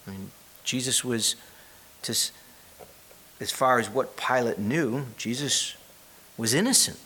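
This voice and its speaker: Man, preacher, sermon, mid-range pitch, conversational, reads scripture aloud, asks listeners questions. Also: unhurried, pushed and bright, slightly rough. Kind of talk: sermon, Bible teaching.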